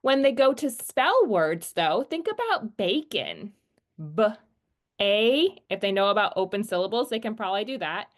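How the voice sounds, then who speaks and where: A woman teaching a phonics lesson in a patient, clear way. She slows down to act out each sound and checks in with her listeners. Her voice sits at an ordinary middle pitch. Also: sing-song. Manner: patient, explains slowly and models sounds.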